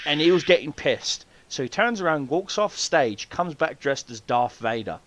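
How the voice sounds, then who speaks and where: A man hosting a podcast, telling an animated story full of swearing and acted-out voices. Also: medium pitch, moderate pace, vocal fry. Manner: swears freely, animated, acts out quoted voices. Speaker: podcast host. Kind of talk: casual storytelling chat.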